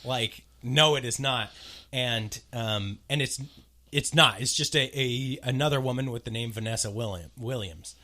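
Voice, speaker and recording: A man with a bright, sharp voice, gushing enthusiastically in a relaxed podcast chat. His talk is animated and excitable. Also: mid-range voice, moderate pace. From US West Coast. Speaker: podcast co-host. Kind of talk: casual chat.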